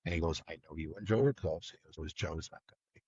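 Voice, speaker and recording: A middle-aged man, a retired trooper, telling a story in a blunt, vivid way, loudly acting out the lines of the people he quotes. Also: very deep voice, rapid-fire, breathy edge, no echo, muffled recording. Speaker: retired state trooper guest. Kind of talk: casual storytelling in a podcast interview.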